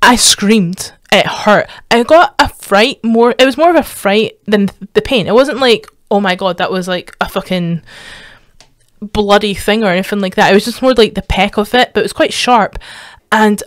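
A woman's voice: mid-range voice, normal speed, no room sound. A Scottish woman chatting through a reaction video in a loose, rambling way, swearing freely and squealing when something grabs her. Her voice sits in an ordinary middle register and sounds dry and close, with no room around it. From Scotland. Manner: rambling, sweary, bursts into excited squeals and laughs. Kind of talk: casual reaction commentary.

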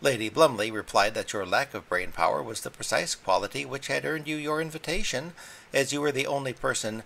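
A man's voice: mid-range voice, brisk, creaky, a bit bright, voice pushed up. A man voicing an aloof male house cat who talks in a cold, indifferent drawl. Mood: coldly cutting.

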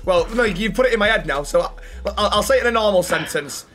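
Fast-talking young Englishman, high voice. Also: expressive. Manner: fast, loud banter, yells when under fire. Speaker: streamer. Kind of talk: casual gaming chat.

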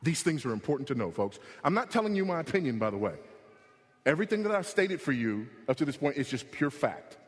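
A man preaching a sermon as pastor, emphatic, repeating his key points and rising in pitch when he presses them. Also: sing-song, fairly quick. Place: church sanctuary. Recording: long hall reverb.

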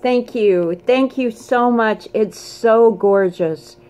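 A woman opening a gift box in a casual unboxing vlog, gushing and excitable, squealing and screaming with delight between quieter asides. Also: fairly high pitch, slow pace. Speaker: craft vlogger.

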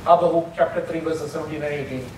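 A pastor preaches a sermon in a church sanctuary, his voice fairly high and fast with fairly even intonation. He's emphatic, repeating key phrases and raising his voice on quoted prayers. The recording is distant and echoey, like a church hall, with some noise.

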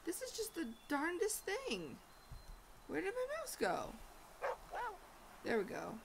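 A woman's voice: extremely high pitch, wildly swooping pitch, slow, creaky, a little hiss or hum, low-quality recording. A woman playing a video game and commenting as she goes, chatting to her in-game dog and crying out in frantic repeats when things go wrong. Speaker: gaming channel host. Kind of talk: let's play commentary. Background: loud game music.

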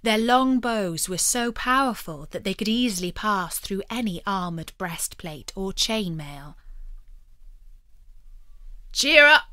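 A woman reading a story aloud for language learners, slowly, clearly and carefully. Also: medium pitch, fairly bright tone, dry recording, clean studio sound. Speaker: narrator. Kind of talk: audiobook narration for learners.

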